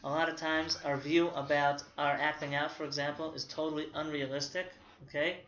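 A man's voice: a little high, level tone, a little fast, fairly bright tone. Man therapist lecturing in an echoey room. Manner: checks in with "okay?" after nearly every point; informal and conversational, with personal examples. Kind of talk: recovery lecture with slides. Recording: roomy, dull lo-fi audio.

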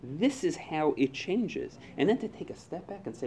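A man speaking to a recovery group, animated, acting out his own inner voice and past phone calls. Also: fairly high pitch, normal speed, few pauses, dull audio, a little hiss or hum.

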